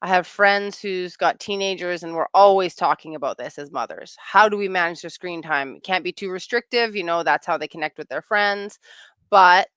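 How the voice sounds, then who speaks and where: With a fairly low, smooth voice at a moderate pace and no room sound, a woman in her thirties who works as a relationship coach takes interview questions. Her manner is chatty and lively, and she performs the quoted lines.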